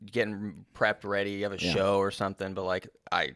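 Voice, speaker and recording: A man guesting on a podcast, chatting casually in a quick, offhand way. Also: sits low, flat delivery, fairly bright tone, dry recording, clean studio sound.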